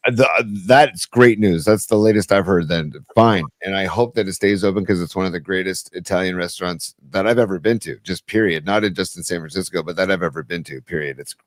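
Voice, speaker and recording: A man's voice: deep voice, fairly quick, few pauses, dry recording, clean studio sound. A man co-hosting a podcast, talking casually in a rambling way with many restarts. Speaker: podcast co-host. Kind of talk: casual chat.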